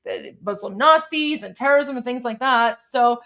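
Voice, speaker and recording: A woman hosting a casual livestream, gushing and excitable, repeating herself and calling viewers "guys". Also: a little high, normal speed. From Iran. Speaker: livestream host.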